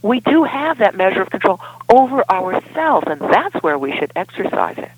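A woman's voice: medium pitch, very animated, moderate pace, narrow, tinny audio, background noise. A woman relationship expert speaking as a guest in a podcast interview, explaining in an emphatic way.

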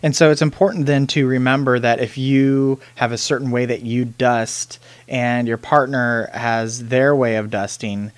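A man hosting a podcast interview, talking in a relaxed, conversational way. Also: mid-range voice, unhurried, few pauses, smooth, dry recording. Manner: relaxed, conversational, some restarts. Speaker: podcast host.

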